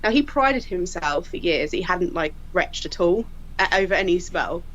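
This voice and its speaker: A woman, a crime scene investigator telling lively anecdotes and acting out what people said, often laughing. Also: on the low side, moderate pace, dull audio. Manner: lively, laughing storyteller who acts out quotes.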